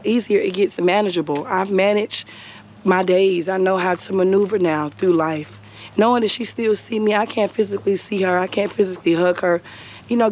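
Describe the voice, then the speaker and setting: A woman's voice: medium pitch, a little mellow, a little hiss or hum. A young woman talking earnestly to her viewers while standing outdoors at a cemetery, repeating her words for emphasis and calling them y'all. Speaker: vlogger. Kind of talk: heartfelt talk to camera.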